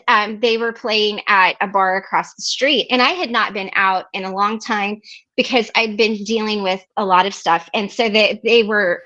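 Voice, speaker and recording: A woman's voice: medium pitch, bright, forceful tone, lo-fi sound. A middle-aged woman hosting a recovery meeting, telling a personal story in a casual, chatty way, with many fillers and restarts, acting out what others said.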